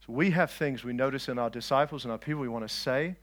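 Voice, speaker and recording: A man preaching a lively sermon, swinging between loud declarations and quiet asides and joking with his listeners. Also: medium pitch, fast. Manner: jokes with the audience.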